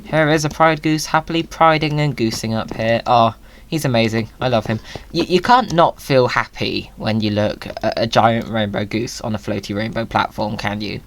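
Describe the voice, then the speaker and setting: A hoarse man, a cheerful, chatty host giving playful commentary over gameplay and cooing at in-game animals. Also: mid-range voice, moderate pace, a little hiss or hum.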